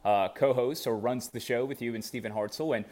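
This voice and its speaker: A man's voice: medium pitch, brisk. A young adult man from Chicago co-hosting a sports podcast, telling stories with lots of energy in casual chat. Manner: energetic, animated storytelling. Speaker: podcast co-host.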